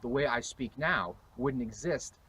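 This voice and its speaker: A man's voice: mid-range voice, measured pace, pushed and bright, a little hiss or hum, poor audio. American man explaining history outdoors. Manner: emphatic, explanatory, sometimes hesitant.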